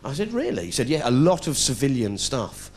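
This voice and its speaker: A man's voice: mid-range voice, sing-song, a little fast, a little hiss or hum. A middle-aged British man telling a sarcastic stand-up story, putting on voices as he goes. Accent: British English. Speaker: comedian. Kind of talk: stand-up comedy routine. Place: stage before a live audience.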